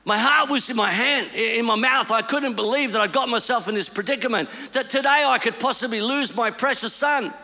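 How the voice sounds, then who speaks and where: A man preaching a storytelling sermon, swinging between hushed lines and shouted ones. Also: extremely high pitch, brisk, hardly any pauses, in a large hall.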